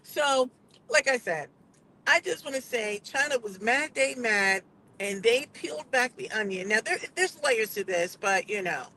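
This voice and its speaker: A woman's voice: mid-range voice, bright, forceful tone, a little hiss or hum, low-quality recording. An American woman giving casual, digressive opinion commentary in a vlog, acting out the voices she quotes. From United States. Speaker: vlogger.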